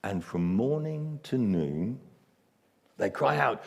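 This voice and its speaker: A man preaching at an unhurried, deliberate pace, telling the story dramatically with dry humor. His voice rings through a church hall with a long reverb tail. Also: medium pitch, animated, gravelly. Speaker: pastor. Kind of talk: sermon.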